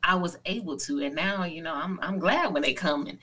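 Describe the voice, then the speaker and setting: A woman's voice: lowish voice, brisk, sharp tone, rough recording. A woman in her forties co-hosting a podcast, speaking earnestly and reflectively in casual conversation. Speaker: podcast co-host.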